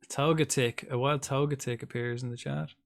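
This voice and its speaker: A man's voice: medium pitch, steady tone, a little fast, creaky. A man streaming a game live, chatting casually and rambling to his viewers. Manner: rambling, chatty, talks to chat by name. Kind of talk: casual live-stream chat while gaming.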